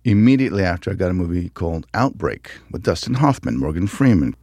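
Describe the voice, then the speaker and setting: A very deep-voiced man tells lively stories as an interview guest, his pitch swinging widely. He laughs easily and acts out what others said, on a dry studio mic. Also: fast, no room sound. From United States. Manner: animated, laughing, acts out quotes. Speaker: actor, guest. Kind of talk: casual interview storytelling.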